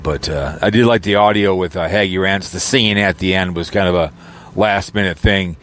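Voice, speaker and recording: A man's voice: low voice, normal speed, a bit bright, slight background noise. Rambling joking man. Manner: rambling, joking, many fillers and restarts. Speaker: YouTuber. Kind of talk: casual rambling audio vlog.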